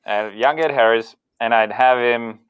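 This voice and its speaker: A man co-hosting a podcast, telling rambling stories with deadpan jokes in casual chat. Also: mid-range voice, a little slow, clean tone, dull audio. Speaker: podcast co-host.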